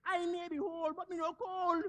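An actor, playing a frustrated, hot-tempered old husband in a stage comedy. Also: male voice, extremely high pitch, level tone, moderate pace, pushed and bright. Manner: wheedling, then blustering.

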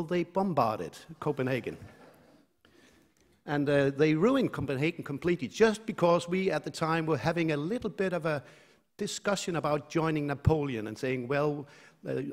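A man's voice: on the high side, animated, moderate pace. A man from Denmark with a Danish accent giving a conference lecture, hesitant with many fillers and restarts, with a light self-mocking humor. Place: lecture hall. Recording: reverberant lecture hall.

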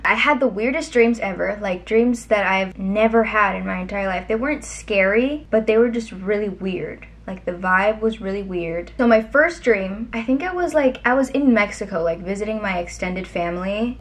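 Young woman, vlogger, chatty, rambling, casual storytelling. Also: mid-range voice. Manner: chatty, rambling, lots of fillers. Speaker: lifestyle vlogger.

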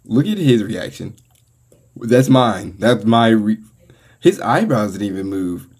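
An American man hosting a reaction video, talking casually and getting excitable as he comments and laughs along. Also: lowish voice, slow pace, breathy edge. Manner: excitable, laughs and exclaims often.

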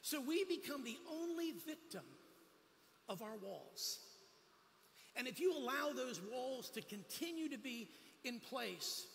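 A man's voice: extremely high pitch, animated, unhurried, creaky, a bit bright, big-room sound, a little hiss or hum. A man giving a sermon as a guest preacher at a church, telling personal stories with humorous asides. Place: church sanctuary.

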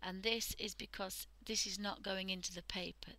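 Woman, from the UK, art stream host, half-whispered chatty demo, gravelly, sharp bright tone. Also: medium pitch, fairly even intonation, moderate pace, low-quality recording. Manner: soft, often half-whispered while working, chatty with fillers. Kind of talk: casual drawing demonstration.

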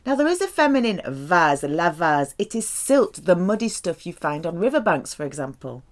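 A woman teaching French, carefully saying each example and explaining its meaning. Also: fairly low pitch. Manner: slow, careful, lively delivery with drawn-out French examples. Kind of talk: language lesson.

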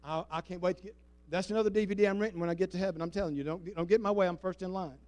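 A male pastor with a fairly high voice, preaching with lively, dramatic swings in loudness. He calls out to the congregation and draws it into call-and-response, moving from booming lines to soft, close asides. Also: racing. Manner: dramatic swings in loudness, shifting between emphatic and hushed. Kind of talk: sermon. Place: church sanctuary before a congregation.

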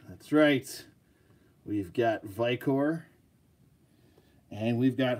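Animated, jokey man reviewing toys. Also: medium pitch, extremely slow, long pauses. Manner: jokey, rambling, talks to viewers. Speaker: action figure reviewer. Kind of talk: casual live toy review.

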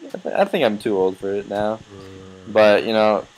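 A man's voice: on the low side, lively intonation, normal speed, darkish tone, poor audio. An eighteen-year-old man giving casual, rambling gameplay commentary, swearing and yelping when startled.

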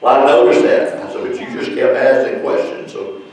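A man preaching at a Bible study, telling stories slowly and acting out what people said. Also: mid-range voice, expressive, a little mellow, slight background noise. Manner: slow storytelling with acted-out quotes. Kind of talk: church Bible study teaching. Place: church sanctuary. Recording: echoey church from far off.

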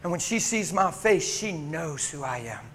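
Fiery preacher man with a high, bright voice. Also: expressive, normal speed, slight background noise. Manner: impassioned storytelling with frequent laughter. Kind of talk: sermon.

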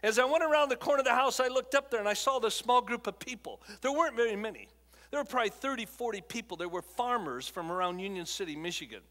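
An older man giving an emotional testimony as a guest speaker in a church, dropping to a hush and then rising to loud, dramatic peaks as he tells his story. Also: very high-pitched, fast talker. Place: church auditorium. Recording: long hall reverb.

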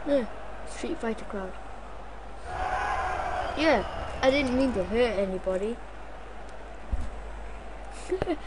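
A woman's voice: a little high, animated, slow, long pauses, background noise. A woman giving loose gameplay commentary, mocking the characters with frequent laughter and sudden outbursts. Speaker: let's play gamer.

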